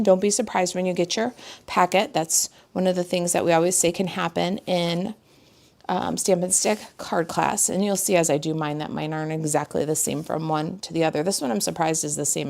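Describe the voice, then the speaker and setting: A woman's voice: lowish voice, creaky, a little mellow. A woman demonstrator from the United States leading a live online card-making class, chatty and laughing often as she greets viewers by name.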